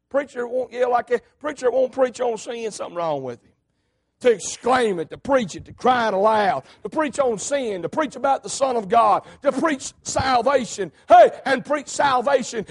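Male preacher, very high raspy voice, fiery emphatic sermon. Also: animated, moderate pace. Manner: emphatic preaching, swings between hollering and low asides.

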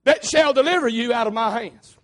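A man's voice: extremely high pitch, brisk, fairly bright tone, a little hiss or hum. A preacher voicing a stern old-fashioned king. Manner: old-fashioned scripture phrasing. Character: stern male pagan king threatening captives.

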